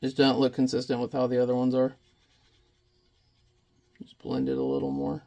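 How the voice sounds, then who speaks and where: Gravelly man chatting while painting. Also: mid-range voice, completely flat delivery, normal speed, mellow. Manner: rambling, muttering to himself as he works. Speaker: watercolor painting vlogger. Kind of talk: casual chat while painting.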